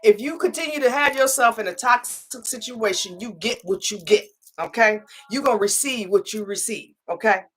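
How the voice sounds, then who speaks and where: A woman, hosting a casual livestream as a spiritual reader, talking in an animated storytelling way, acting out other people's lines and tagging sentences with "okay?". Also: a little high, moderate pace, husky, poor audio. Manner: chatty, animated storytelling with frequent laughs and "okay?" tags; acts out others' lines in quoted voices. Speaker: spiritual reader and channel host.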